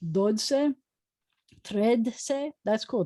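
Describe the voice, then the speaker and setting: A woman's voice: mid-range voice, normal speed, warm tone, dry recording. A woman rabbi giving a casual online lesson over a video call, chatty and thinking aloud with many fillers. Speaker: rabbi teaching a class.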